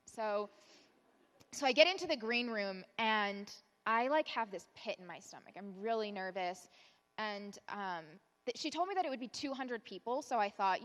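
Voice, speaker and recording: A woman's voice: mid-range voice, normal speed, fairly bright tone. A young woman giving a keynote talk, telling a personal story in a chatty, self-mocking way full of filler words. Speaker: keynote speaker. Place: conference hall stage. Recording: long hall reverb.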